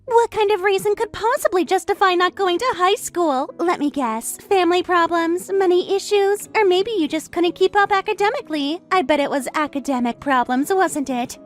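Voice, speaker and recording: A woman's voice: very high-pitched, moderate pace, few pauses. A woman voicing an arrogant, condescending young sister-in-law in a dramatized text-message story, with a sneering, mocking manner. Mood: scornful. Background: faint music.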